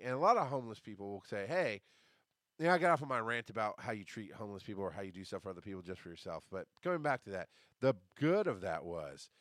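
A man's voice: mid-range voice, dry recording, clean studio sound. A man hosting a podcast in a casual, rambling monologue. He swears freely and breaks off to answer live chat comments. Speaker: podcast host.

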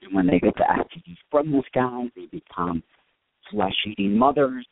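A man chatting casually as a podcast host, animated and rambling with many fillers. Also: on the high side, moderate pace, gravelly, no room sound. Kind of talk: casual chat. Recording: tinny phone line with faint hiss.

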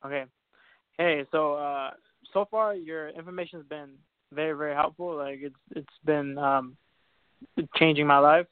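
A man's voice: fairly high pitch, steady tone, measured pace, clean tone, no room sound. A man calling in to an advice show, speaking hesitantly with many fillers. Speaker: caller. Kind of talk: call-in question. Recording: dry phone line.

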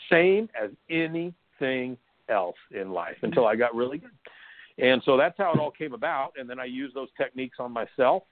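Expressive and medium in pitch, the voice of this middle-aged hypnosis trainer from San Diego, California, moves at normal speed. He tells stories chattily as an interview guest, with lots of fillers and the odd laugh, recorded with no echo but narrow, tinny audio.

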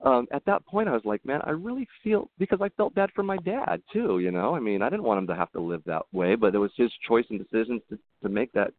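A man's voice: lowish voice, animated, quick pace, few pauses. A man talking as a podcast guest, telling personal stories in a rambling, earnest way with frequent restarts. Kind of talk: casual interview storytelling. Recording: tinny phone-like line, dry.

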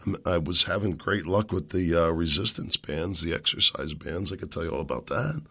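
A man hosting a podcast while sick and losing his voice. He rambles and makes sarcastic, muttered asides into a desk boom mic. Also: moderate pace, pushed and bright. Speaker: podcast host. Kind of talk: casual commentary monologue. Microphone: boom microphone on a desk.

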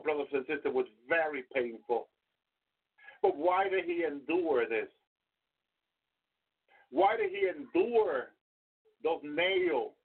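A man's voice: a little high, husky. A man preaching a fervent sermon, repeating praises and crying out to the Lord between his points. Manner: fervent, repetitive, punctuated with hallelujahs and cries to the Lord. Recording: tinny phone-like audio.

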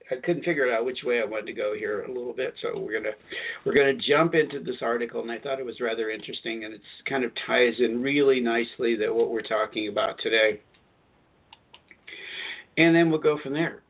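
A man's voice: mid-range voice, vocal fry, husky. A man hosting a spiritual call-in radio show, talking in a rambling, chatty way and often correcting himself mid-sentence. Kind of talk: casual spiritual talk radio monologue. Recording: tinny phone-line sound.

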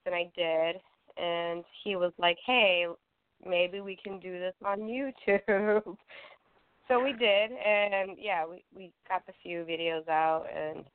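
Slow-talking giggly woman on a phone line. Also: on the low side, clean tone, dry recording. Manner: giggly, relaxed, swears casually. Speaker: guest, YouTube horror host. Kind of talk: casual chat.

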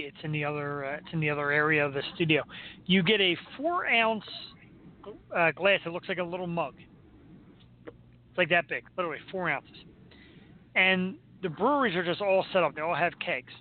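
Over a narrow, tinny, phone-like sound with slight background noise, a high-voiced male radio host chats casually at a moderate pace. He spins jokey stories and laughs often between them.

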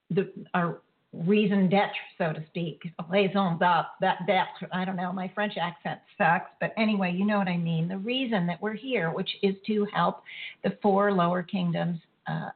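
A woman hosting a spiritual talk show, speaking earnestly in a rambling way that circles back and corrects itself. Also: lowish voice. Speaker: host. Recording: tinny phone-like line.

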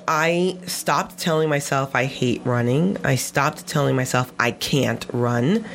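A woman with a notably low-pitched voice speaks as an interview guest. She tells personal stories in a lively way, often breaking into laughter. She drives her points home by repeating phrases. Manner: animated, laughs often while telling stories. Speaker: guest photographer and filmmaker. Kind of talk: conversational storytelling.

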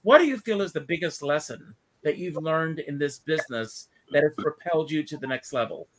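Male host, slightly high voice, relaxed interviewer who tells jokes. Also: brisk, slight background noise. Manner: relaxed and conversational, tells a joke. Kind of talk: casual interview chat.

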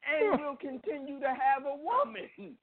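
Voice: high-pitched, animated, a little slow. A radio show co-host chiming in and pushing back during a casual debate. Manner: interjecting, pushes back on the other host. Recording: tinny phone line with faint noise.

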